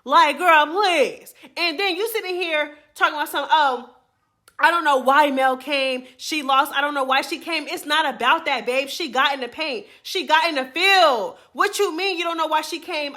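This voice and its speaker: A woman's voice: high-pitched, normal speed, bright, forceful tone. A woman hosting a reality TV recap, talking in a sassy, chatty way full of slang and frequent laughter. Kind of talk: casual gossip commentary.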